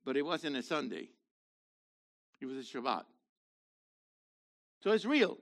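Gravelly, fiery preacher in his seventies. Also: big pitch swings, unhurried. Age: 70s. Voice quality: gravelly, worn voice. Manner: fiery, swings from low murmurs to shouted exclamations. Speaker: messianic rabbi. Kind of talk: sermon.

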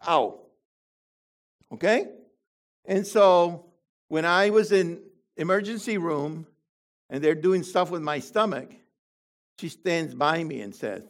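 An older man delivers a sermon at an unhurried, deliberate pace. His voice sits a little high for a man, and he keeps turning to the congregation with rhetorical questions. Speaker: preacher.

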